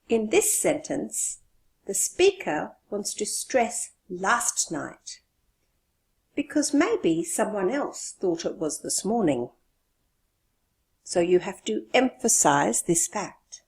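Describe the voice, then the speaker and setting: A woman teaching an English lesson, explaining slowly and stressing key words. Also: mid-range voice, very animated, vocal fry, a little mellow.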